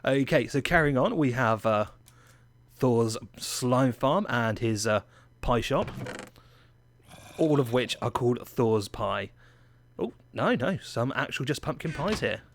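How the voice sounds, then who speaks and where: A man's voice: medium pitch, expressive, slow, soft background music. Playful English man narrating gameplay. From England. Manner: chatty, playful, self-mocking. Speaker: gaming channel host. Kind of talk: gameplay commentary.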